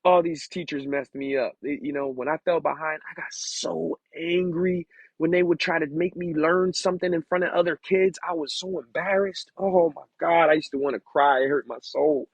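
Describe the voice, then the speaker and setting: A man reading aloud slowly, sounding out hard words, then talking candidly and casually about his past. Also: a little high, fairly even intonation, vocal fry, slightly rough, dry recording, rough recording. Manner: slow halting sounding-out of words, then candid rambling asides. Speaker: vlogger learning to read.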